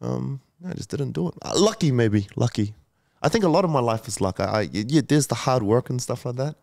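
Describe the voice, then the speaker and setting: A man's voice: mid-range voice, animated, brisk, vocal fry, a little mellow, dry recording, studio quality. A man in his thirties, a podcast guest, telling his story candidly and emotionally, with lots of swearing, fillers and restarts. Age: 30s.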